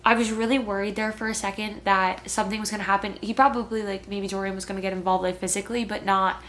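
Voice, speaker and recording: A woman's voice: medium pitch, flat delivery, quick pace, fairly bright tone, a little hiss or hum. A young woman in her twenties reading a book aloud for a vlog and reacting with worried gasps between passages. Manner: emotional, gasping and fretting as she reads. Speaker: book vlogger.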